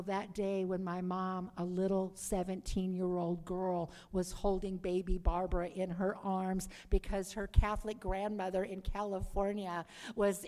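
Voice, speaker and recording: A middle-aged woman giving her conversion testimony to a live audience, telling her story in a lively way and calling for "Amen.". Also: medium pitch. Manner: lively storyteller who calls for "Amen" and "Praise the Lord". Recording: long reverb of a hall.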